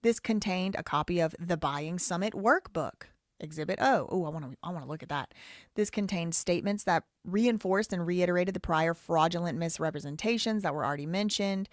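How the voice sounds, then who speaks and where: A woman's voice: on the low side, brisk, dry recording, clean studio sound. A woman hosting a live show, reading a lawsuit aloud in a casual, rambling way, with wry asides and frequent self-corrections.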